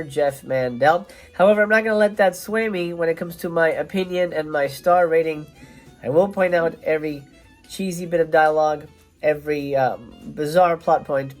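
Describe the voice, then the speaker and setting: A man hosting a casual film review show, talking in a chatty, rambling way with lots of fillers and restarts. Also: high-pitched.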